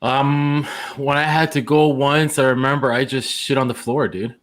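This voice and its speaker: A man's voice: mid-range voice, steady tone, moderate pace, slight background noise. A man co-hosting a casual talk show, speaking in a laid-back, easygoing way. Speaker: podcast co-host. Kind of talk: casual chat.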